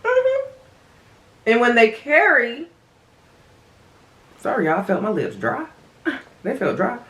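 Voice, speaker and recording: A woman's voice: a little high, wildly swooping pitch, takes it slowly, a bit bright, reverberant. A woman vlogger chatting casually to viewers while eating, calling them y'all, her voice swinging up and down. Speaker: mukbang vlogger.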